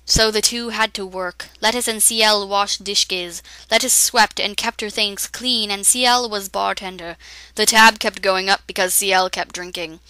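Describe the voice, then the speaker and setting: Woman, reading a story aloud, halting, reads typos, bright, dry. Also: medium pitch, fairly even intonation, clear, resonant tone, dry recording, low-quality recording. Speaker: reader.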